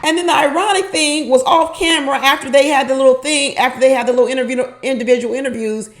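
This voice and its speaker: A woman's voice: high-pitched, fast. A woman giving casual, opinionated commentary on a reality show, repeating her points for emphasis and asking the viewer rhetorical questions.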